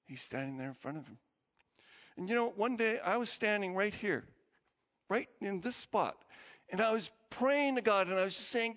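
High-voiced pastor preaching in a reverberant hall. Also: male voice, lively intonation, moderate pace. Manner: emotional storytelling, voice rising high and dropping low to a hush. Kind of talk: sermon.

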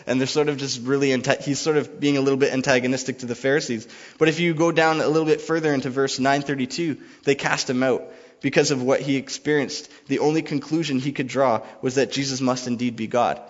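A man's voice: mid-range voice, fairly even intonation, fast. A man preaching a sermon, reading scripture and retelling it in a loose, conversational way. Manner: conversational, paraphrases dialogue casually. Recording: dull lo-fi sound with long reverb.

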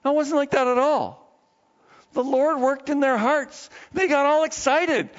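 A man with a high voice preaches to his congregation, chatty one moment and fired up the next. His words ring out with a long church reverb. The sound is dull and a bit muffled. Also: a little fast. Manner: conversational and animated preaching, swinging between low asides and excited outbursts. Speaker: pastor. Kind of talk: sermon. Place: church sanctuary.

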